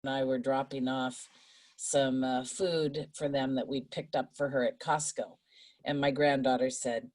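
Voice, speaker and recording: A woman's voice: a bass voice, steady tone, a little slow, a little mellow. A woman in her fifties telling a family story on a video call, chatty and full of quoted voices. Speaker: book study group member.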